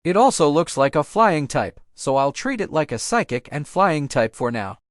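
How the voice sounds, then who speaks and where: A man's voice: fairly high pitch, very animated, normal speed, no room sound, studio quality. A man voicing a cocky, taunting young male rival trainer while reading a storybook aloud. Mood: rattled. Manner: taunting, self-assured.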